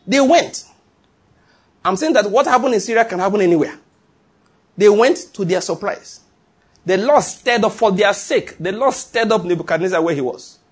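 A man's voice: high voice, lively intonation, moderate pace, long pauses, husky. A middle-aged man preaching a sermon as a pastor, emphatic and repetitive, breaking into chuckles.

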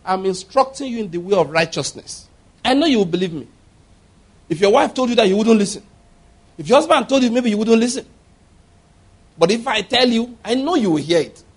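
A man's voice: sits high, expressive, fairly quick, long pauses, slightly rough. A man preaching a sermon, emphatic and laughing often, acting out little voices as he talks. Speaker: pastor.

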